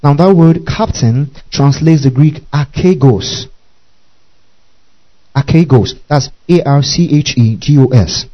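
A man's voice: a little high, measured pace, few pauses, dull audio. A man preaching a sermon, spelling out words letter by letter and calling on his listeners to repeat after him. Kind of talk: sermon teaching.

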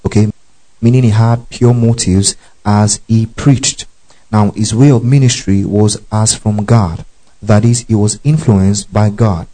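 A man leads a Bible study, reading verses aloud and pausing to spell out Greek words. His voice is low and mellow. He keeps checking in with his listeners, asking if they follow. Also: steady tone, low-quality recording. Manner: checks understanding with frequent "okay?" and "you see that?". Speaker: Bible teacher.

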